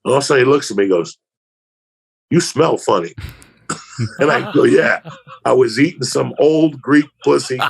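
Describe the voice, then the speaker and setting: A man's voice: medium pitch, normal speed, gravelly, pauses often, slightly rough. A man, a comedian, telling crude, profane stories in a casual podcast chat. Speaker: comedian guest.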